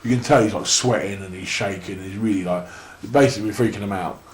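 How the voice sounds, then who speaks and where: A very deep-voiced young man with an English accent, chatting loosely through a long anecdote and often circling back to restart his sentences. The sound is roomy and echoey, with a faint hiss underneath. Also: fast talker. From England. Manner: rambling anecdotes full of restarts and laughter. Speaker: interview guest, wrestler. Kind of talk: casual storytelling. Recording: echoey room.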